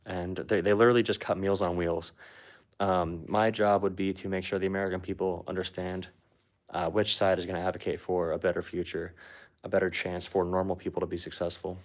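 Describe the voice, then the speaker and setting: A man's voice: low-pitched, level tone, brisk. A man talking politics in a casual, blunt, sarcastic way, with lots of "like" fillers. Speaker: political commentator. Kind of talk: casual chat.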